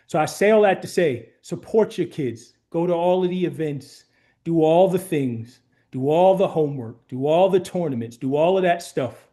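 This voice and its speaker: A man's voice: on the high side, animated, moderate pace, mellow. A man in his forties, a guest speaker giving a heartfelt motivational talk with earnest, emphatic repetition. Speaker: guest speaker, former runner.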